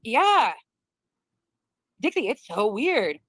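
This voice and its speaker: A woman's voice: mid-range voice, animated, quick pace, bright, forceful tone, dry recording, studio quality. A woman hosting a livestream, ranting in a blunt, profane, laughing way while reading chat. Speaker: livestream host. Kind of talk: casual livestream rant.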